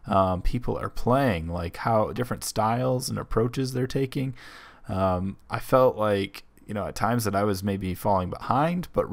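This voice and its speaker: A young man with the hiccups commentating his game casually, thinking out loud with lots of ums. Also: fairly low pitch. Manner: rambling, thinking aloud with many ums. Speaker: let's play host.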